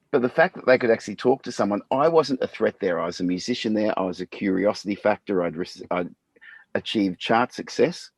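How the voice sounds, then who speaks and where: A man's voice: lowish voice, a little mellow, breathy edge, dry recording. An Australian man hosting a podcast, talking in a laid-back, easygoing way and calling his guest "mate". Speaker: podcast host. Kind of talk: casual interview chat.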